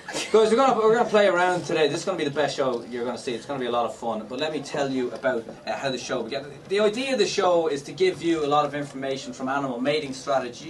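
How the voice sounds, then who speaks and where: Irish man, stand-up comedian, cheeky audience banter, far from mic, noisy live room. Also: medium pitch. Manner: cheeky, jokey banter with frequent fillers.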